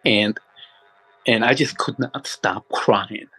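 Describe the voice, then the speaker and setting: A man telling a personal supernatural story as a guest, halting and restarting often, audibly moved as he talks. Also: on the low side, pushed and bright, slightly rough, faint music behind, low-quality recording. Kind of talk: emotional first-person storytelling.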